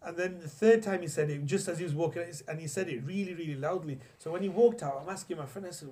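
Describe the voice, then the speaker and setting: A man's voice: fairly high pitch, quick pace, few pauses, mellow. A young man from England teaching a religious class, storytelling in a chatty way with many restarts and recited Arabic phrases. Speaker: Islamic teacher. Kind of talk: classroom lesson on hadith.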